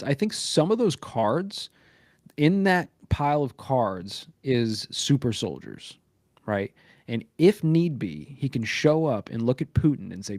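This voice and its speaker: A man's voice: mid-range voice, very animated, unhurried, darkish tone, dry recording, studio quality. A man co-hosting a live podcast, rambling and profane, leaning on "right?" and "like" as he talks. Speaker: podcast co-host. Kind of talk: casual live podcast chat.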